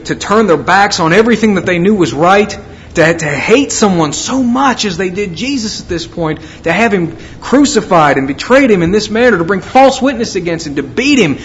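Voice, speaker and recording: A man's voice: high-pitched, low-quality recording. A man preaching a sermon, reading scripture and retelling it in an earnest, emphatic way.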